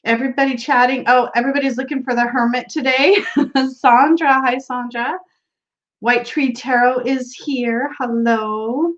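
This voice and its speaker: A chatty woman hosts a casual livestream from home, greeting viewers one by one with frequent little laughs. Her voice sits a bit high. The sound is dull and lo-fi. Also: fairly even intonation, unhurried, fairly bright tone. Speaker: tarot livestream host. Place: home room.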